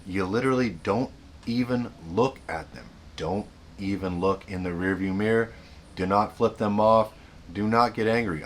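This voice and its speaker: Male host, very low voice, earnest advice monologue with self-corrections, faint noise behind. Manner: earnest, repeats himself, restarts sentences. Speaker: self-help video host.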